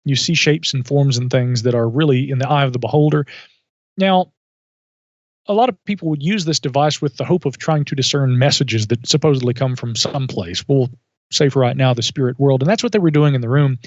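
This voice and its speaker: A man's voice: mid-range voice, dry recording. Thoughtful man telling a story, lo-fi. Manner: thoughtful, measured, with asides and self-corrections. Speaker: podcast guest. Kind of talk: reflective storytelling in conversation. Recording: dull lo-fi audio.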